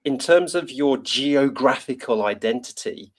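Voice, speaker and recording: A man's voice: mid-range voice, lively intonation, a little slow. A man from the United Kingdom hosting an interview, chatty and rambling, often laughing and correcting himself. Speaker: podcast host. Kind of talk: conversational interview.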